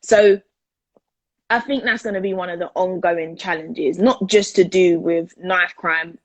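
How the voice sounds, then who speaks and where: A peer educator speaks in a husky, slightly low voice. She talks earnestly and with animation in a casual discussion. The sound is dry and close. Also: a little slow, no echo, lo-fi sound. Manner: earnest, animated, repeats words for emphasis.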